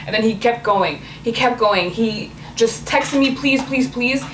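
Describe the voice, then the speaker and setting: A young woman chats as a talk show guest, telling a story with lively, acted-out bits. Her voice sits a little high and comes from a step back off the mic. The studio sounds roomy, with a faint hiss behind her. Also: unhurried, recorded from a distance. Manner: animated, acts out the man's pleading texts. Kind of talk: casual storytelling chat.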